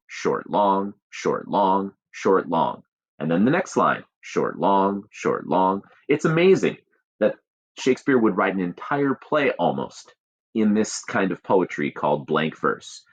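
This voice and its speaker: A man's voice: sits low, fairly bright tone, slightly rough, highs cut off. A male teacher giving a recorded lesson, explaining patiently and chanting stress patterns aloud.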